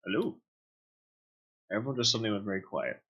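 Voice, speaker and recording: A man's voice: on the low side, normal speed. A man playing in a tabletop game, joking around and swearing casually. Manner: jokey, laughing, swears casually. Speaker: player. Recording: dull lo-fi mic.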